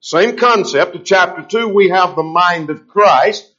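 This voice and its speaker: A man delivers a sermon with a fairly high voice, leaning hard on key phrases and drawing them out slowly. He poses questions to his listeners and answers them himself. The recording sounds dull and lo-fi. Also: sharp tone. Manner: emphatic, slows down to stress scripture. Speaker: preacher.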